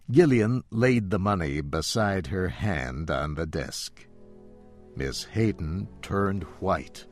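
Low-voiced guy reading a story really slowly, faint music behind. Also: lively intonation. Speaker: narrator. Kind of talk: scripted narration of a story.

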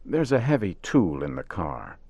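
A man's voice: low voice, wildly swooping pitch, unhurried, gravelly, dark tone, dry recording, muffled recording, full character voice. A man voicing an eager, blunt young fisherman in a radio story, pushy and questioning. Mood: insistent. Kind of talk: scripted radio story reading.

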